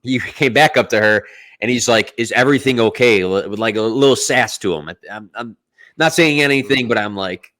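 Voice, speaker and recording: A man's voice: fairly low pitch, normal speed, bright, forceful tone. A man on a casual podcast, telling stories in a rambling way and acting out the dialogue. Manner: rambling storyteller who acts out dialogue. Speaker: podcast host.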